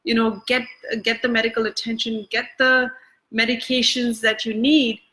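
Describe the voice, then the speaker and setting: A woman coach talks straight to the camera in a loose, chatty teaching style, often restarting her sentences and leaning on fillers. Her voice sits a little high and sounds bright. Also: flat delivery, moderate pace, poor audio. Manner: conversational, many fillers and restarts. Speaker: EFT coach. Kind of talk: casual talk-to-camera teaching. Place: Bangkok.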